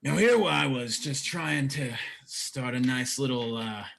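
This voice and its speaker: A man's voice: mid-range voice, unhurried, vocal fry, a bit bright, a little hiss or hum, voice pushed up. A man voicing a brash male tavern brawler in a tabletop game, with a swaggering, drawling, impatient manner. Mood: goading.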